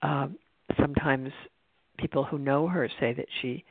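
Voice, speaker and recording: A meditation teacher giving a spiritual talk in an unhurried, reflective way, with frequent restarts, over a tinny phone-like line. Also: medium pitch, no room sound. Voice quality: creaky.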